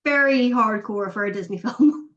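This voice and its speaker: A woman's voice: on the high side, normal speed, fairly bright tone. A woman with a Northern Irish accent hosting a podcast, chatting and laughing easily. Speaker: podcast host. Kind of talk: casual chat. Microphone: video call. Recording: dull lo-fi video call audio.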